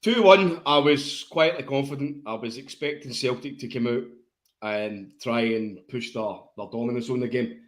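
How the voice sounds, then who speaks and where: A Glaswegian Scottish man with a mid-range voice co-hosts a football podcast, speaking at a moderate pace. His casual chat is blunt, sweary banter, recorded in an echoey room.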